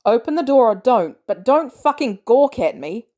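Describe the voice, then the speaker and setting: A blunt, weary soldier who curses freely, as a woman reads him aloud. The voice is mellow and dark at the core, his words clipped and hard. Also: on the low side, moderate pace, lightly acted. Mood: shouting. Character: gruff weary male ex-soldier.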